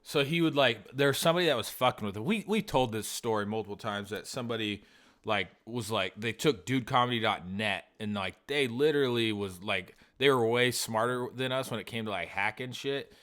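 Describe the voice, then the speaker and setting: Guy on a podcast rambling and cussing, acting out old convos, normal pitch. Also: brisk, fairly bright tone. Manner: rambling, swears a lot, acts out past conversations. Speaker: podcast co-host. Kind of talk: casual chat.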